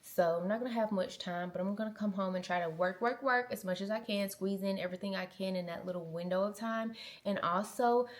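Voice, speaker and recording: A young woman in her twenties chats to her handheld camera like she's catching up with friends. She's lively and talkative, throwing in y'all and girl as she goes, her voice sitting at an ordinary middle pitch. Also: brisk. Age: 20s. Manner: chatty, animated, uses y'all and girl. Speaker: mom vlogger. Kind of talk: casual chat to camera. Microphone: small handheld camera.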